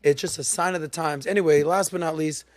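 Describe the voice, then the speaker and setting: A man's voice: fairly high pitch, fairly even intonation, fast, no echo, clean studio sound. A man hosting a podcast panel, talking casually and teasing his guests with jokes and Spanish words. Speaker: podcast host.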